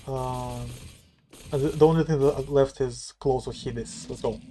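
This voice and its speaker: Male streamer, casual rambling self-talk, mid pitch, some background noise. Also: steady tone, unhurried, warm tone. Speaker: game streamer. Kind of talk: casual live-stream chat.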